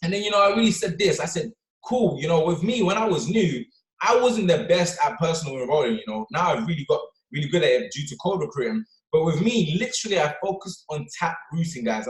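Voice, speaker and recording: This motivational speaker addresses his team over a call, his slightly high voice moving fast and full of energy. Nearly every point ends with a "right?" or an "okay?" The room sounds bare and echoey, possibly an office or London.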